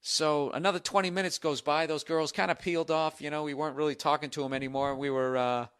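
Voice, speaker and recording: A middle-aged man hosting a solo podcast, telling a story in a profane, sarcastic, animated rant. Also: a little high, quick pace, smooth. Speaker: podcast host.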